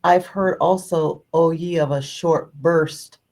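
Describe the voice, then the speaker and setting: Very low gravelly woman musing. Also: steady tone, slow, darkish tone. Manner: thoughtful, musing, many fillers. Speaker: podcast co-host. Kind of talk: casual faith discussion.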